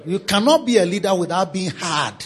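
A pastor preaching a sermon in a teasing, repetitive style. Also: male voice, high voice, animated, a little fast.

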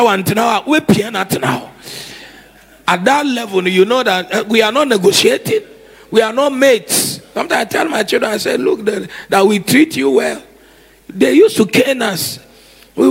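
Husky, gravelly preacher. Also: male voice, very high voice. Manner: animated, acts out scenes with shouts and laughter. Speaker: pastor. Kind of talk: sermon.

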